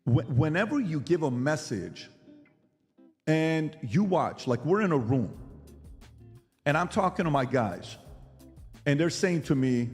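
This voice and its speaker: A man's voice: on the high side, animated, unhurried, long pauses, in a large hall, faint music behind. Emphatic man debating with rhetorical questions. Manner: emphatic, rhetorical questions, mimics others' voices. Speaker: podcast host. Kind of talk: animated debate monologue.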